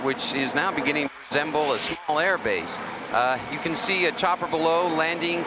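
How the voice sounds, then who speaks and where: A man's voice: on the high side, natural voice. An actor playing a male TV news correspondent giving an urgent, wary field report from outdoors. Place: outdoors at impact site. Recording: loud outdoor background noise.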